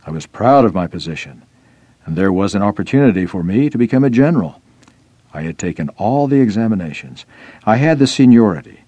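A man reading a first-person religious article aloud in an earnest, measured storytelling manner. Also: fairly low pitch, warm tone, breathy edge, dry recording, dull audio. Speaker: reader.

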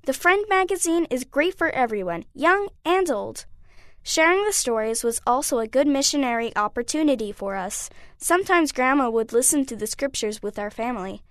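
A woman reading a child's letter aloud in a clear, plain delivery. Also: sits high, expressive, moderate pace, a bit bright, dry recording, studio quality. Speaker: reader.

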